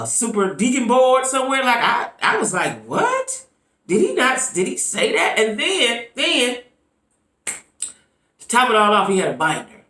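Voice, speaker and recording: A woman chatting through her vlog commentary with a lively, swooping voice, leaning on quick asides to her viewers. The recording carries a roomy echo around her. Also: mid-range voice. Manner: animated, chatty, frequent "right?" asides. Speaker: YouTube commentator.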